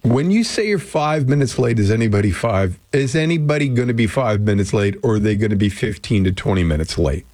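A man's voice: on the low side, expressive, brisk, hardly any pauses, darkish tone, no echo. A man from Canada hosting a casual radio show from a studio, talking in a rambling, jokey way. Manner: chatty, rambling, jokey asides. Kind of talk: casual morning radio chat. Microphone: close studio mic.

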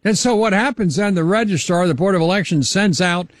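A higher-pitched man hosts a political radio interview. His questions ramble and stall on fillers, and the studio sound is close and dry. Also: no echo. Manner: rambling, halting setup questions with many fillers. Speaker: talk radio host.

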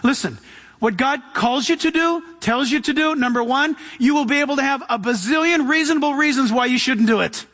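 A male pastor delivering a sermon in a strikingly high, bright voice. He is emphatic and punchy, and keeps urging his listeners to "listen." He acts out short voices as he goes. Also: a little fast.

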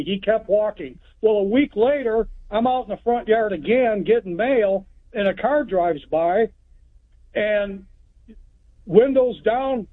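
A man's voice: sits high, animated, a little slow. A man from Texas calling in to a radio show, telling a long story in a rambling, plainspoken way. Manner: rambling, plainspoken, retells events step by step. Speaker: caller. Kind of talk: phone-in storytelling. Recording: tinny phone line.

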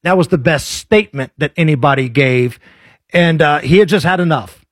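A man with a fairly high, husky voice giving blunt political commentary. His delivery is conversational, and the recording is dry and close. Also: moderate pace, no echo. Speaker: political talk show host. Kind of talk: opinionated commentary.

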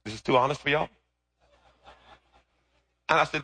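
Bright, husky preacher calling to his flock. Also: on the high side, normal speed. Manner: call-and-response questions to the congregation. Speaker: pastor. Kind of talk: sermon.

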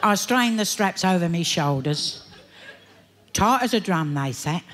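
A woman's voice: lowish voice, expressive, measured pace, fairly bright tone, a faint crowd. An Australian woman recites a comic rhyming poem, with broad, self-mocking delivery and a sing-song rhythm. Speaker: bush poet.

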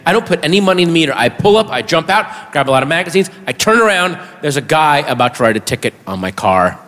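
High, animated stand-up comic man. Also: quick pace, long reverb tail. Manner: animated, bursts into high shouted punchlines. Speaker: stand-up comedian. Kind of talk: stand-up comedy routine.

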